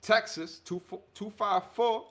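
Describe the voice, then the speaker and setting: A man hosting a casual livestream, hyped and joking as he shouts out viewers' cities. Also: sits high, steady tone, a little slow. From Long Island, New York. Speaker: livestream host.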